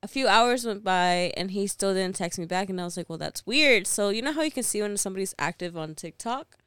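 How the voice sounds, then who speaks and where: Young woman telling a story, smooth voice. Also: medium pitch, brisk, no room sound. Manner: animated retelling, laughs often, acts out quoted lines. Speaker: podcast co-host. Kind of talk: casual storytelling chat.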